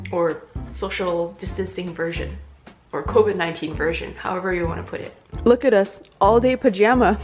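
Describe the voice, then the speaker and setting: A woman's voice: mid-range voice, a little mellow. A woman narrating her food vlog at home in a chatty, playful way. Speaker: food vlogger.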